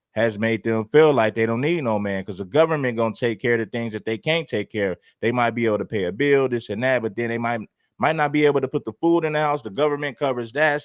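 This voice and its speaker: A man co-hosting a livestream, giving calm, explanatory commentary and repeating his points. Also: mid-range voice, dry recording, studio quality. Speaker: livestream co-host.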